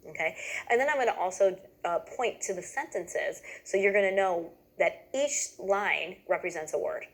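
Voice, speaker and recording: A woman's voice: mid-range voice, moderate pace, vocal fry, low-quality recording. A woman giving a patient, step-by-step lesson to teachers, checking in often with "okay?". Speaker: teacher trainer.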